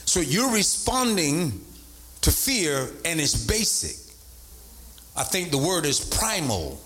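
A man preaching a sermon as a bishop, animated, repeating his points and calling out to the congregation. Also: slow pace. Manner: animated preaching, voice leaping up in pitch for emphasis; repeats phrases and calls out to the congregation. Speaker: bishop and pastor.

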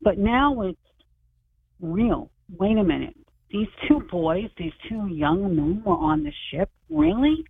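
A woman's voice: medium pitch, slow pace, breathy edge, no echo. A woman in her sixties, an author guest on a radio show, telling her story animatedly and acting out the voices of people she quotes. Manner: animated, acts out quoted dialogue. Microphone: phone. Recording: tinny phone line.

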